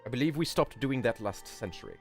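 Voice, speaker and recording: A man's voice: medium pitch, expressive, a little fast, gravelly, faint music behind. A man streaming casually, chatting playfully with viewers and reading a book aloud.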